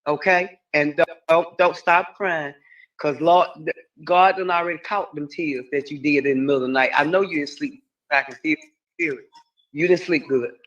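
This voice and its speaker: A man's voice: on the high side, steady tone, moderate pace, a bit bright. Soothing man on a muffled call. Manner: soothing, calls the listener baby. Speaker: caller on a livestream. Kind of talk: heartfelt call-in comfort.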